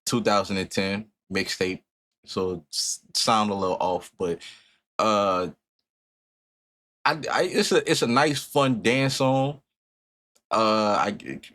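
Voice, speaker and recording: A man whose voice is fairly low yet fairly bright in tone runs a music reaction video after a few drinks. He opens with announcer-like greetings and rambles casually, looping back and restarting phrases with slangy talk.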